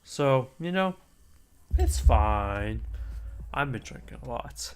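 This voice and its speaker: A man's voice: mid-range voice, pushed and bright, clear, resonant tone. A man streaming a casual chat, talking in a rambling, chatty way with asides and mild swearing.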